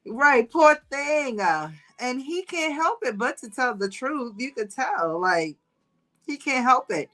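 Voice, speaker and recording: Speaking slowly, a woman hosting a livestream chats and gossips with her audience. Her storytelling is animated, with plenty of laughter and quotes delivered in a raised voice, and the recording sounds rough.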